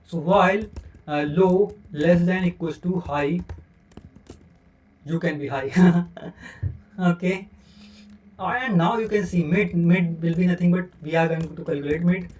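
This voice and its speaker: High-pitched and a little mellow, this programming teacher's voice comes from a distance at a measured pace with long pauses. In a screen-recorded coding lesson, he counts numbers aloud step by step, correcting himself often and filling gaps with fillers.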